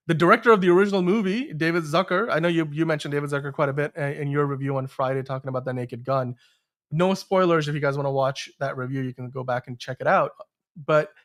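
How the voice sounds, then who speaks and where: A man's voice: a little high, a bit bright. A man hosting a live-streamed podcast, talking in a rambling casual way with many restarts. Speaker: podcast host.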